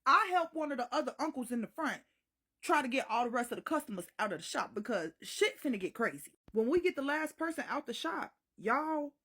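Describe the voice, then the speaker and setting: A woman's voice: high voice, sing-song, fairly quick, fairly bright tone, breathy edge. A woman telling a wild story in a casual, profane, dramatic way. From Chicago.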